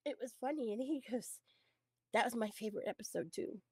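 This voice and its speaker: Animated swearing woman telling stories. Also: a little high, brisk, husky, no room sound. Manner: animated, swears freely, acts out quotes. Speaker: podcast co-host. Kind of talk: casual storytelling with profanity.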